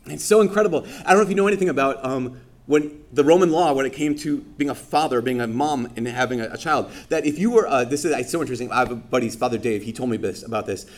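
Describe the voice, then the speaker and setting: A man preaching as a Catholic priest, in a mid-pitched voice. He tells a personal story in an animated way, acts out each person's lines, and pokes fun at himself as he goes. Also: fast. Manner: animated, acts out dialogue with self-deprecating humor.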